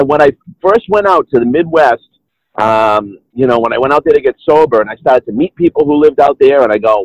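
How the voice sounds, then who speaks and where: A man's voice: mid-range voice, no room sound, lo-fi sound. A middle-aged man with a Boston accent, a guest telling his story in a casual chat, rambling, with plenty of restarts and "you know"s. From Boston area, New England. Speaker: podcast guest.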